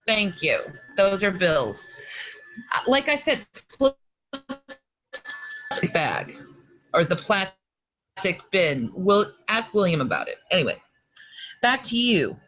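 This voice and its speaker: A woman's voice: mid-range voice, very animated, takes it slowly, long pauses, fairly bright tone, soft background music. A woman from the American South with a Minnesota accent, rambling in a live video hangout and breaking off to talk to her children. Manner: scattered, talks to her children mid-stream. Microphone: video call. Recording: dull lo-fi hangout audio.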